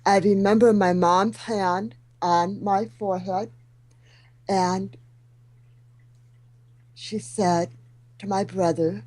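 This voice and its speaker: A middle-aged woman guest whose speech is shaped by hearing loss, with high sounds softened or missing, telling her story with self-deprecating humor. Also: fairly even intonation, takes it slowly, long pauses, no echo, rough recording. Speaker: guest speaker. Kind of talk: talk show interview.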